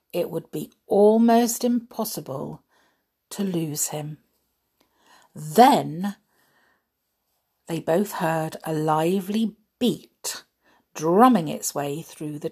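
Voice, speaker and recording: A middle-aged woman reads a children's storybook aloud, gentle and chatty. Her voice is low and breathy, and she takes the story very slowly. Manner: gentle, chatty, with soft laughs.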